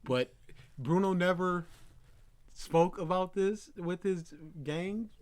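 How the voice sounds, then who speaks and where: A man co-hosting a casual commentary chat, loud and excitable, often mocking characters with put-on voices. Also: sits high, takes it slowly. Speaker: co-host.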